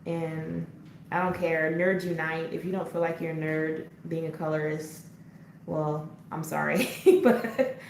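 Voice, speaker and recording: A woman hosting a casual live coloring chat, answering viewer comments as she works and laughing often. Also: lowish voice. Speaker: coloring channel host. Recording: echoey room, faint background noise.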